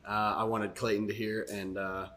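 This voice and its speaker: Bright-voiced laid-back young podcast guy. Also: fairly low pitch, little pitch movement, normal speed. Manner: laid-back, lots of fillers, laughs while telling a joke. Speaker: podcast co-host. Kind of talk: casual podcast chat.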